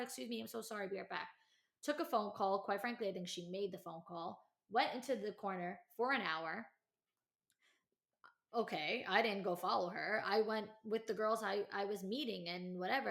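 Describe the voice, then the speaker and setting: A woman hosting a podcast, telling a personal story in casual chat, full of "like" and "you know", and acting out quotes with lively energy. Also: gravelly. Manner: chatty, heavy use of "like" and "you know"; animated, acts out quotes in a higher voice. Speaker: podcast host.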